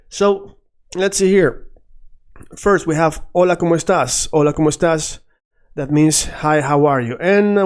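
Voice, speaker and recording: A man teaching a casual video lesson, animated and drilling words by repetition. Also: a little high, clear, resonant tone. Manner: animated, switches between English and Spanish, repeats words for drill. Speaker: Spanish teacher.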